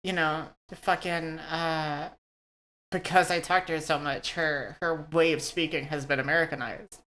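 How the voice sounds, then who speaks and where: Woman podcast host, loose and profane, lots of restarts, a bit low-pitched. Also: fairly even intonation, moderate pace, fairly bright tone, slight background noise. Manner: rambling, swears freely, many restarts. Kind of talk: casual podcast chat.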